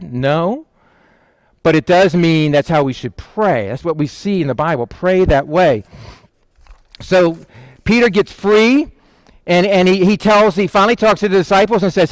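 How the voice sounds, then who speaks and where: A man preaching in a conversational style, asking the listeners questions and acting out quotes in quick voices. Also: sits high, no echo. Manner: asks the listeners questions and answers them. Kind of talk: conversational Bible teaching.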